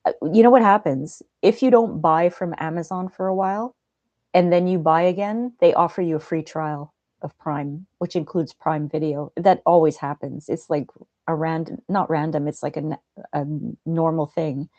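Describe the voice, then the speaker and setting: Soft-spoken woman hosting a gentle livestream. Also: deep voice, normal speed, no room sound, dull audio. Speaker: livestream host. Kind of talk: casual chat reading viewer comments.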